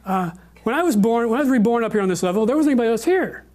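A man voicing a male creator god who quietly admits he does not know the answers. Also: extremely high pitch, expressive, very fast. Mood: sheepish. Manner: hushed, confiding aside. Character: befuddled male creator god, sheepish and confiding.

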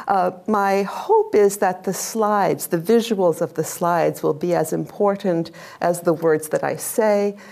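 A middle-aged woman gives a public lecture with slides, her voice slightly low with a gravelly edge. She talks in a warm, chatty way, laughs often, and keeps turning to the audience with questions. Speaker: lecturer, religious sister. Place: lecture hall with a live audience.

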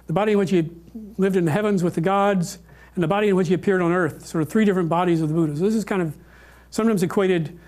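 A male lecturer talking informally about religion and taking questions. His voice sits high for a man. He hesitates often and restarts his sentences. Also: quick pace, a little mellow. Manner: hesitant, with many fillers and restarts.

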